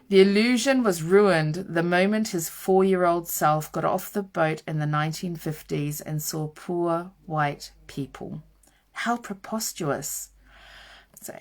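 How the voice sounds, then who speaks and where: A woman host reading a nonfiction book aloud in a measured, emphatic way, stressing each item in her lists. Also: low-pitched, vocal fry.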